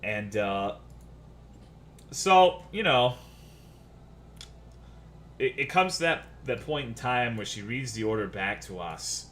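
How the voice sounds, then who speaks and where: Male streamer, sarcastic and swearing through a rant, bright voice that swings up and down. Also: mid-range voice, animated, slow pace, long pauses, slight background noise. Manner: profane, exasperated, sarcastic. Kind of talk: casual storytelling rant.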